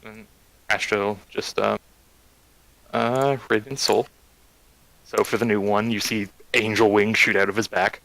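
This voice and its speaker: A man's voice: lowish voice, steady tone, measured pace, vocal fry, long pauses, fairly bright tone, a little hiss or hum, low-quality recording. A man narrating a tabletop game in a casual, hesitant way.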